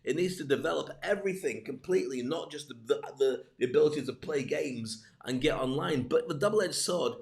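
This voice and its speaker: A man's voice: on the high side, a little fast, vocal fry, hardly any pauses, echoey room. A man hosting a casual comedic talk to camera, rambling and digressive, acting out gestures as he goes. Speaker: host. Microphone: streamed from home, camera.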